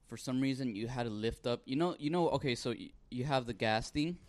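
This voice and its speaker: A man co-hosting a podcast, telling stories in casual chat, swearing often and loudly acting out what people said. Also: medium pitch, fairly quick, no room sound. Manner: swearing storyteller who acts out quotes loudly. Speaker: podcast co-host.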